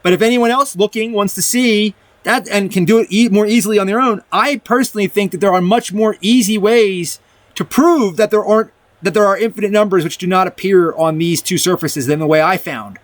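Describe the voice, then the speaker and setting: A man's voice: high-pitched, brisk, no echo. A man casually talking viewers through a math proof. He restarts his sentences and mixes reading from a document with loose comments. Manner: rambling, restarts often, reads from a document and comments. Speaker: math video presenter. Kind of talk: casual explanatory math lecture.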